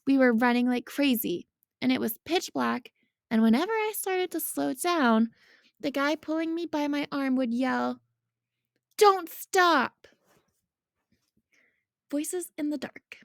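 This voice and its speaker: Gravelly woman reading a novel aloud. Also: high voice, moderate pace, no echo, studio quality. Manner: lively storytelling. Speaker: reader.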